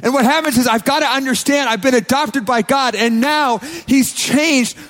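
A pastor delivers his sermon with emphatic repetition. His voice sits high for a man. Long reverb from the church hall trails after every phrase. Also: moderate pace, a bit bright. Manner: emphatic, repeats phrases, quotes people in acted voices.

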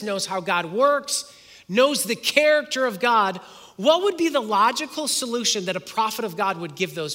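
Bright-voiced male preacher in a reverberant hall. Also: high voice. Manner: expository preaching, rhetorical questions, retelling in first person. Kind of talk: sermon.

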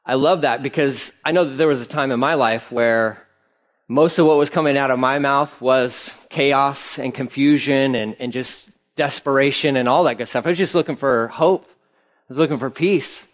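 A man preaching a conversational sermon, telling the story casually and acting out quotes in an animated way. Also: medium pitch, normal speed. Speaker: pastor.

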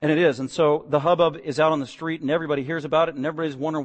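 A man's voice: a little high, steady tone, rapid-fire, few pauses. A man preaching a sermon, reading scripture and retelling it in casual everyday words with jokes. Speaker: pastor. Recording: long hall reverb.

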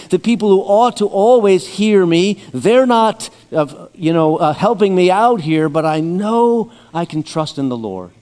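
Man preaching, slowing down for scripture. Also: high voice, a little mellow, long reverb tail. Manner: conversational preaching with humor, slows for scripture. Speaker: pastor. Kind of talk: sermon.

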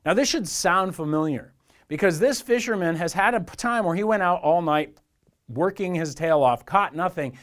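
A man's voice: high voice, lively intonation, moderate pace, a bit bright. A man preaching a sermon in a church in a conversational way, acting out the voices in the stories he tells. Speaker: pastor.

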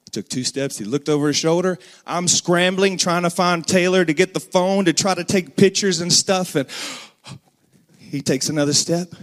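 Man, 30s, preacher, sermon, earnest, emphatic, fairly high-pitched voice. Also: normal speed. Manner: storytelling, earnest, rising to emphatic bursts.

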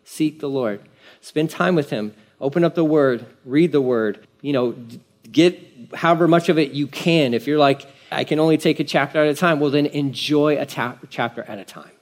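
A pastor preaching in a loose, conversational way, often saying key phrases twice. His voice is a man's, sitting a little high. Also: normal speed. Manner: conversational, repeats phrases for emphasis. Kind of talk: sermon.

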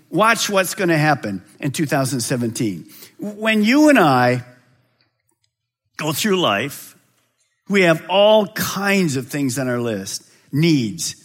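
This is a man delivering a sermon as pastor of a large church. His style is dramatic, rising to loud, high calls and then sinking into quiet, low drops.

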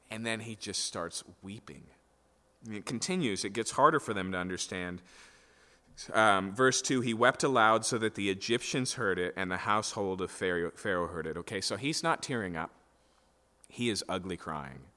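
A man preaches through a passage in a conversational way and keeps checking in with "okay?" and "right?". His voice sits fairly low yet sounds bright and forceful. Long reverb from a large hall trails each phrase. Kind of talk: expository sermon.

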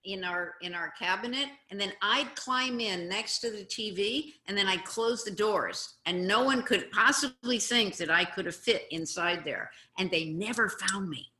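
A woman guest speaking in a casual interview over a video call, telling stories with expressive emphasis. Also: mid-range voice, normal speed, few pauses. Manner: expressive, warm storytelling with animated emphasis. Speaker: guest, anti-bullying advocate. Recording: roomy, echoey room sound.

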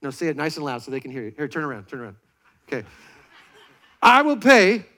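A man preaching a sermon from a church stage to a congregation, lively and joking as he directs volunteers. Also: mid-range voice, racing. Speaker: pastor.

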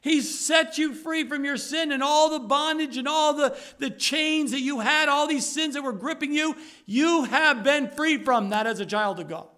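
A man preaching a sermon with fervent urgency, repeating phrases for emphasis and sometimes dropping to a low, soft delivery. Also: normal speed, few pauses. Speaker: pastor.

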